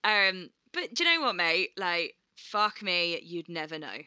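A woman chatting on a podcast with a bright, forceful voice. She tells stories animatedly, jumps into other people's voices and swears freely. The sound is dry and close. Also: on the low side, measured pace, clean tone, no room sound. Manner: animated storyteller, acts out quotes, swears freely. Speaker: podcast co-host. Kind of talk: casual chat.

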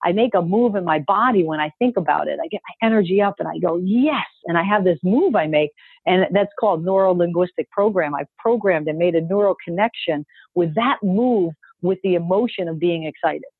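A woman's voice: fairly low pitch, brisk, husky, no room sound. A woman coach giving an upbeat, emphatic motivational talk, coaxing listeners to repeat phrases after her, heard over a call. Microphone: call audio. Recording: dry tinny phone-like call audio.

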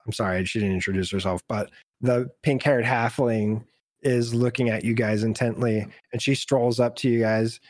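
A man running a tabletop game as dungeon master, narrating casually with lots of "like" and "you know." His voice sits in a middle pitch and is recorded dry and close. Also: steady tone, normal speed, no echo. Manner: loose, filler-heavy narration.

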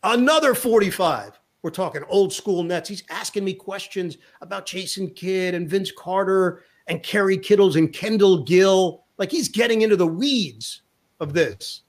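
A middle-aged man and sports broadcaster, a guest telling a lively anecdote in an interview, acting out the lines of the people in his story. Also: high voice, moderate pace. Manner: lively anecdote teller who acts out quotes.

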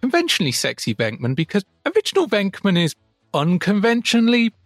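Podcast dude, bit high voice, blunt and sweary. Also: male voice, wildly swooping pitch, fairly quick, fairly bright tone, no echo, faint music behind. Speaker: podcast co-host. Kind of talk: casual chat.

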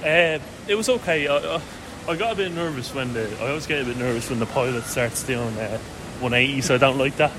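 A man's voice: medium pitch, fairly quick, background noise. A young Irish man co-hosting a podcast, making dry, laid-back quips while travelling. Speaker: podcast co-host. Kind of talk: casual travel chat. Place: outdoors in busy city streets and an airport.

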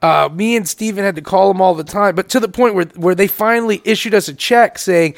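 A man's voice: high-pitched, fairly quick, gravelly. A man co-hosting a podcast, telling exasperated stories with swearing in casual chat. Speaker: podcast co-host.

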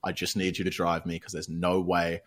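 Low-voiced Australian guy telling a story. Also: moderate pace. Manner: rambling, swears freely, animated retelling. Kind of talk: casual chat.

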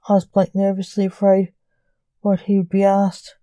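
A woman hosting a podcast, narrating a gothic story in a measured, deliberate reading. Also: mid-range voice, little pitch movement, warm tone, no room sound.

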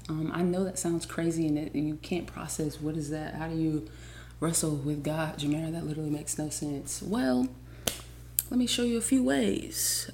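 A woman hosting a faith podcast, energetic and chatty, teaching from scripture with excited exclamations. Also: low voice, a little hiss or hum. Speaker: podcast host. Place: home studio on camera.

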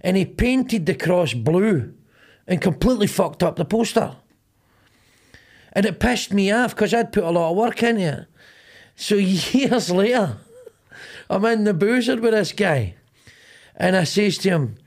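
Middle-aged Glasgow man, podcast host, rambling sweary storyteller, voice sits a touch high. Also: expressive, unhurried, pauses often. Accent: Glaswegian Scottish. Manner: rambling, sweary storyteller acting out both sides of arguments. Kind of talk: casual comedic chat.

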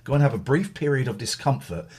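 A man hosting a chat show, telling stories in a rambling, animated way. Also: medium pitch, fast, husky. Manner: rambling, lively, mimics others. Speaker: podcast host.

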